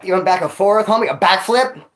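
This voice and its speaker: Here the man's voice is high-pitched and a bit bright, with lively intonation and a slightly fast pace. He is a vlogger telling stories into his phone on a casual vlog, breathless from exercise, using street slang and addressing the listener as dog and homie.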